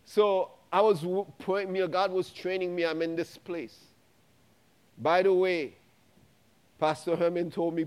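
High-voiced preaching man, emphatic. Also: a little slow, darkish tone. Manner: emphatic preaching with repetitions and rising exclamations. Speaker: pastor. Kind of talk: sermon. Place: church sanctuary.

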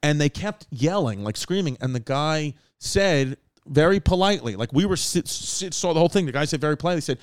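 A man tells a rambling story in casual chat. His voice is smooth and clear, and it is recorded close and dry. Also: a little high, expressive, brisk, dry recording. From Queens, New York. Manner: rambling, with many fillers and profanity.

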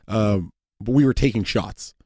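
Low-voiced man in blunt, profane sports chat. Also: unhurried, mellow, no room sound, studio quality. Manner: blunt, profane, restarts sentences often. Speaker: podcast co-host.

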